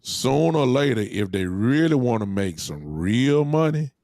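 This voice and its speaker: A man who regularly drops in on a podcast, talking with a showman's flair and addressing ladies and gentlemen. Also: mid-range voice, big pitch swings, a little slow, no echo. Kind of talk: casual chat.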